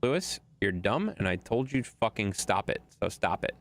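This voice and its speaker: At a moderate pace, a Wisconsin streamer addresses his viewers mid-game, speaking bluntly, swearing without restraint and picking fights with chat. He sounds lively, his voice ranging widely up and down.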